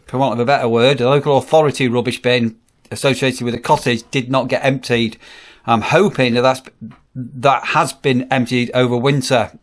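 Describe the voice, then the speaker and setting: A man's voice: mid-range voice, no echo. A man, a campsite warden chatting casually in a rambling vlog with wry asides. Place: on the move, outdoors and in a car.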